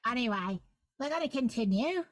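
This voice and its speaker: Jokey woman game master, slightly high voice. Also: lively intonation, normal speed, dry recording, rough recording. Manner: playful, jokey, rambling. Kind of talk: casual livestream chat.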